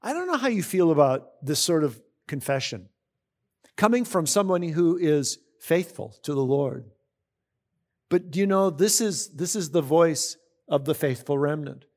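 Here a man preaches at a moderate pace, his voice on the high side, a little mellow, with lively intonation. He's a pastor who reads passages of scripture between remarks, explaining them casually and quizzing his audience often.

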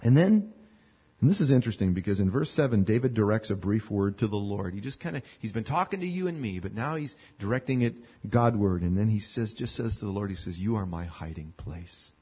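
A man preaching a conversational sermon, animated and acting out little scenes with voices. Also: lowish voice, brisk, slightly rough. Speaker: pastor. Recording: muffled lo-fi sermon recording.

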